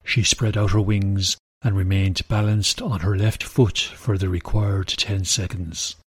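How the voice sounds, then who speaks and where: A man narrating a children's storybook in an even, gentle manner. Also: deep voice, measured pace, husky, dry recording, studio quality.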